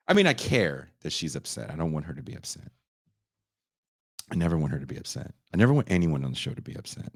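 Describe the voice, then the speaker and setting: A man hosting a podcast, delivering a loud, profane comedic rant that swings into shouting. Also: a bass voice, sing-song, fast, vocal fry, no room sound, studio quality. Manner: loud, swearing, swings into shouting and mock voices. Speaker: podcast host.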